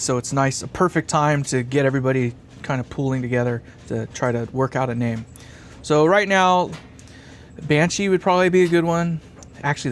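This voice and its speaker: Brief: fairly high-voiced man, live-stream host who rambles and chuckles, faint hum behind. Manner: rambling, thinking aloud, chuckling often. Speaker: live-stream host building a guitar amp. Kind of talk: casual live-stream chat, reading comments. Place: workshop bench.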